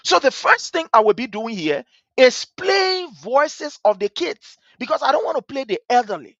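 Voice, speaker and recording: Woman as talk-show host, preachy emphatic delivery, swooping pitch, dry muffled sound. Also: very animated, moderate pace, fairly bright tone, no room sound. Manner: emphatic, repetitive, sermon-like rhetoric. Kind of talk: political commentary monologue.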